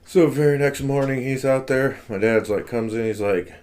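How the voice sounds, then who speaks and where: A man's voice: medium pitch, moderate pace, darkish tone. A man telling a rambling, profane work story in casual podcast chat. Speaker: podcast co-host.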